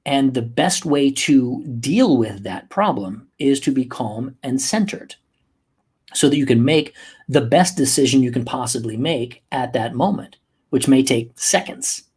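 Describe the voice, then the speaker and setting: A man hosting a motivational podcast as a coach, talking emphatically and moving from slow, soft passages to quick bursts. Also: medium pitch, lively intonation, slightly rough. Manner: emphatic, acts out angry outbursts.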